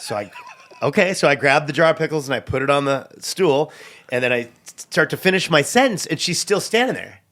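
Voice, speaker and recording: A middle-aged comedian telling stories with a lot of energy, his voice riding fairly high and jumping all over. He acts out the people he meets and laughs through his own lines. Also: lively intonation, fairly quick, fairly bright tone. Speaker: stand-up comedian guest. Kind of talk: animated storytelling on a podcast.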